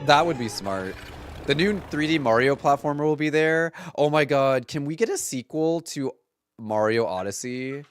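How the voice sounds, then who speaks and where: A man's voice: medium pitch, animated, moderate pace, soft background music. A man in his thirties chatting casually on a live stream from home, rambling along with lots of filler words.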